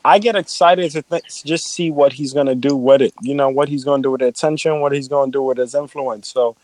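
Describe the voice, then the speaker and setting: A young man chatting casually and excitedly, joking and quick to laugh. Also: mid-range voice, no echo. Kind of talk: casual chat.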